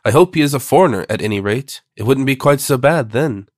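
A man voicing a flustered high-society duchess who gasps in shock at every surprise. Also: animated, fairly quick, dry recording, studio quality, close to an everyday voice. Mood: alarmed. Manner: fussy, easily shocked exclamations.

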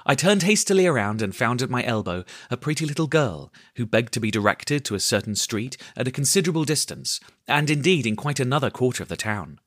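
Brief: male storybook narrator, animated pitch, dry close sound. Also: brisk, few pauses, no room sound.

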